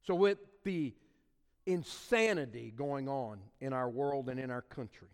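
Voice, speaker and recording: A man's voice: mid-range voice, measured pace, clear, resonant tone. A male pastor preaching a sermon in a church, leaning on key words and drawing them out for emphasis. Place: church sanctuary with congregation. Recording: long reverb of a church hall.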